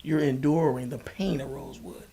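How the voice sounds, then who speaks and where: A man's voice: medium pitch, fairly even intonation, moderate pace, creaky, dark tone, husky. A man as a podcast guest, encouraging the host in a preacher-like way. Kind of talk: conversational interview.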